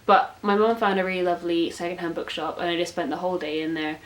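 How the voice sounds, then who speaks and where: A woman's voice: on the low side, little pitch movement, fast, low-quality recording. A 19-year-old woman chatting casually as a book vlogger, gushing and self-mocking, with lots of filler words. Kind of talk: casual chat. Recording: faint hiss.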